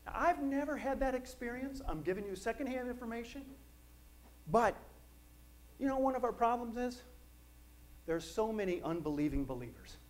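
A middle-aged man preaching a sermon, telling stories with jokes and asides in an animated way. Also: very high voice, moderate pace, pauses often. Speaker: pastor.

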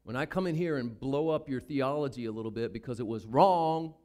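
Male pastor, Southern US accent, middle pitch, lively sermon delivery with acted-out quotes. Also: fairly quick. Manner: animated, acts out Bible characters in voices.

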